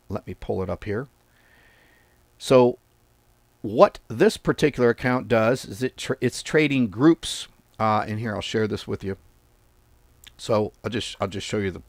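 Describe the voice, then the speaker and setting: A man's voice: medium pitch, dry recording. A man hosting a trading channel, chatting casually through a live screen-share, loose and offhand, repeating words for emphasis. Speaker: forex trading channel host.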